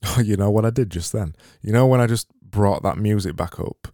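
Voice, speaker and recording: A Yorkshire-accented man reads listener messages aloud on his casual solo podcast, rambling in a dry, sarcastic way. His voice sits on the low side and moves fairly quickly, with music playing in the background. The setup is a studio mic with a mixer.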